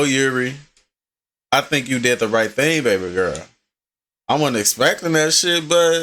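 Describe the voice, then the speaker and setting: A man's voice: on the high side, fairly bright tone. A man giving profane, slang-filled, joking commentary while playing a visual novel game. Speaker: gaming video host. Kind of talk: comedic let's-play commentary.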